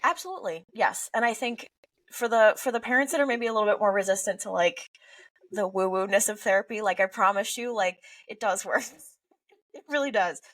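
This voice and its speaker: Speaking in a podcast interview, a young woman who works as a family therapist talks expressively and animatedly, acting out the words of parents and teens. Her voice is mid-range and brisk, recorded from a distance.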